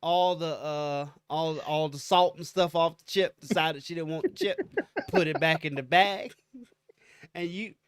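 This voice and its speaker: A man with a notably high voice, co-hosting a casual podcast. He tells playful stories and slips into quick put-on voices for quotes. The sound is dry and close. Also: clear, resonant tone, no echo. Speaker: podcast co-host. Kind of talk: casual chat.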